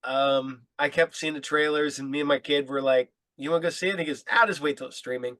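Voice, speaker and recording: A man's voice: on the high side, fairly even intonation, quick pace, fairly bright tone, no room sound. A man guesting on a podcast, telling stories in a laid-back, rambling way and laughing often. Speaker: podcast guest, mask maker. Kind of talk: casual chat. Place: podcast studio.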